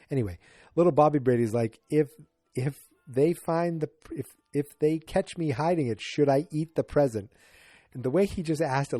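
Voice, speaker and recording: Mellow-voiced man recapping a sitcom. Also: medium pitch, no echo. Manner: rambling, excitable, frequent restarts. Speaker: podcast host. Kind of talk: casual episode recap.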